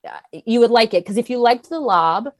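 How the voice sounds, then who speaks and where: A woman's voice: fairly high pitch, animated, fairly quick. A woman guest on a podcast, chatting enthusiastically about food and cooking. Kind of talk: casual chat. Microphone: video call.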